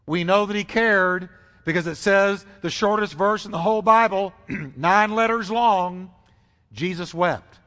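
A man preaching a sermon as pastor, emphatic and dramatic, repeating phrases and swinging his pitch for effect. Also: slow, fairly bright tone. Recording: long reverb of a large hall.

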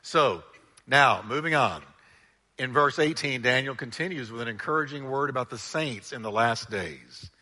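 A male pastor preaching a sermon with animated delivery, drawing the congregation into call-and-response. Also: medium pitch, normal speed, long reverb tail.

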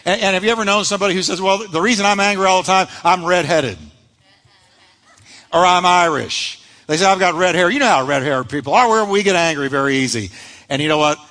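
A man preaching a sermon as pastor, telling stories with lively acted-out voices. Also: high voice, a little fast. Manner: animated storytelling preacher, acts out quoted voices. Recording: long hall reverb.

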